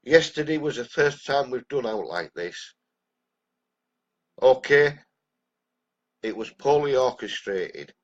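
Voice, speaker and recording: An older English man with a head cold, talking bluntly and angrily on a live stream. His voice is mid-pitched and a little congested, and the sound is dull and lo-fi, picked up by a phone or computer mic. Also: lively intonation, slow, pauses often. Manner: angry, blunt, ranting. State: has a cold.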